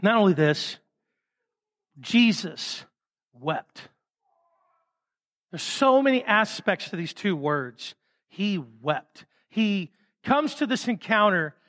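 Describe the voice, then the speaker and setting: Male pastor, high voice, emphatic sermon delivery with sudden soft drops. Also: big pitch swings, unhurried. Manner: emphatic, swings from loud stresses to soft drops. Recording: reverberant hall.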